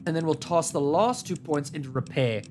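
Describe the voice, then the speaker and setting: A man streams a game live and talks it through briskly, lobbing animated, joking trash talk at enemies with big swings in pitch. There's a little hiss or hum on the audio.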